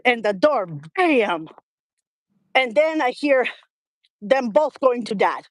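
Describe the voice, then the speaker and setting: A middle-aged woman, a guest on a talk show, telling a family story in a lively way, laughing often and acting out what people said. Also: fairly high pitch, slow, pauses often, no echo. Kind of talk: conversational storytelling.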